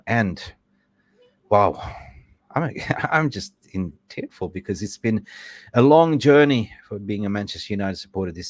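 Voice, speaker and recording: A young man hosts a football fan podcast livestream, speaking in a lowish register. The sound is dry and close. He is effusive, reels off supporter shout-outs, and stumbles over unfamiliar names. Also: no room sound. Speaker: podcast host.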